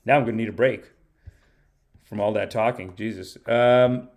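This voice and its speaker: A man's voice: medium pitch, measured pace, darkish tone. A man hosting a casual podcast livestream, telling stories in a rambling, playful way. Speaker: podcast host and stand-up comedian.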